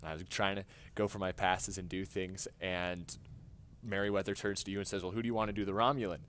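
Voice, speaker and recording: A man in a casual podcast chat, earnestly recalling a memory and building to excited exclamations. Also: deep voice, fast talker, a little hiss or hum.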